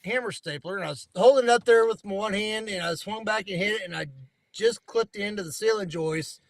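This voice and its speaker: A man's voice: sits high, fairly quick, no echo, rough recording. A man telling rambling work stories in casual chat, laughing at himself.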